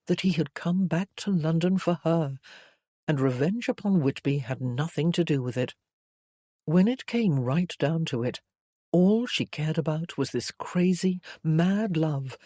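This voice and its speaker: Lady reading a romance audiobook, calm and steady, dead dry booth sound. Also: low-pitched, no echo. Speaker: audiobook narrator. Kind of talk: scripted romance narration.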